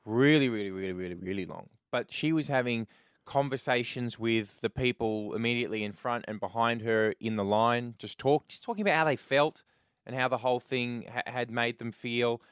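A man's voice: mid-range voice, normal speed, smooth, no echo. A man hosting a breakfast radio show in a chatty, conversational way, recorded close on a studio microphone. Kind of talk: casual radio chat.

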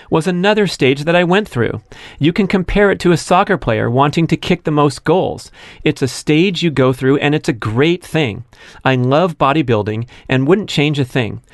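A man's voice: mid-range voice, dry recording, lightly acted. Man imitating Austrian bodybuilder, put-on Austrian-style accent, earnest, motivational, dry sound. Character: impression of a famous Austrian bodybuilder-actor, a man, upbeat.

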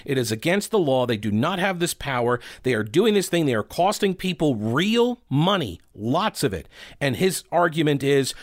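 A man's voice: a little high, big pitch swings, normal speed, no echo. Talk host, male, argumentative, rhetorical, dry close studio sound. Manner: argumentative, rhetorical questions, frequent fillers. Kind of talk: opinionated political commentary.

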